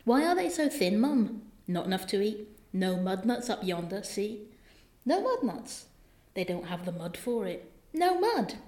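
A small country girl, as a woman reads her aloud, asks her mother questions in a soft, plain voice that stays close to the reader's own, with a gentle storybook-reading manner. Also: high voice, sing-song, a little slow, pitched above the performer's own voice, exaggerated voice. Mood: curious.

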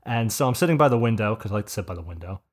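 A man's voice: fairly low pitch, animated, racing. A man, co-hosting a podcast and telling stories in a rambling, profane, casual way. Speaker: podcast host. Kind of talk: casual chat.

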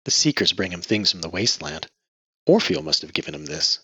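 A man's voice: sits low, big pitch swings, a little fast, creaky, pushed and bright, slightly rough, dry recording, exaggerated voice. A man doing a timid, sheltered young woman. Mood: earnest. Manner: earnest, startled questioning. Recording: dull lo-fi audio.

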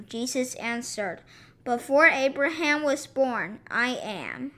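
A woman reads scripture aloud at an even, measured pace. Her voice sits high and sounds bright and clear. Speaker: scripture reader.

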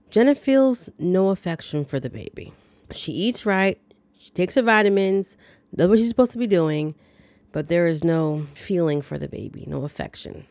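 A woman's voice: fairly low pitch, dark tone, dry recording. A woman podcast host giving a chatty, wry, dryly joking casual recap of a movie. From lives in the American South.

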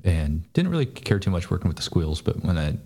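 A man's voice: low voice, very animated, dark tone. A man, a former soldier and podcast guest, telling a story in a blunt, profane, casual way. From United States. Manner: blunt, profane, fast-talking.

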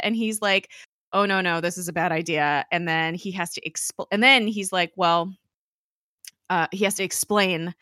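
A woman's voice: medium pitch, steady tone, measured pace, sharp tone, smooth, dry recording, clean studio sound. A young woman in casual chat, recapping a TV episode and paraphrasing the characters with lots of "like". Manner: chatty, peppers speech with "like", paraphrases characters' lines. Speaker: podcast host recapping a TV episode.

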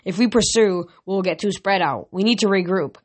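A woman voicing a clever teenage girl warrior who speaks in a brisk, matter-of-fact way. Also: mid-range voice, lightly acted.

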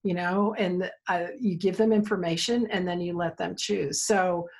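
Husky-voiced woman telling a parenting story. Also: fairly low pitch, normal speed. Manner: animated storyteller, acts out quoted dialogue. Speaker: therapist for kids, interview guest. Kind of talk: conversational interview, storytelling.

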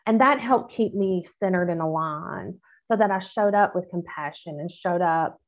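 Woman nurse guest, earnest and emphatic, lowish voice, tinny call audio. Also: moderate pace. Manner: earnest, faith-centered, emphatic. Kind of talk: casual podcast conversation. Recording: tinny phone-like line.

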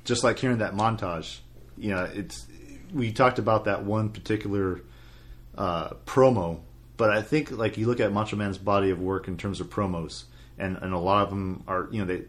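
A podcast host talks about wrestling in casual chat, rambling loosely with many fillers and restarts. His voice is lowish and his speed normal.

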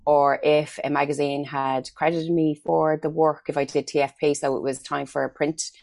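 A woman's voice: low voice, level tone, normal speed, gravelly, a little mellow, no room sound. A middle-aged Irish woman, a makeup artist, chatting as an interview guest and telling stories with acted-out quotes. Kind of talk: casual interview chat.

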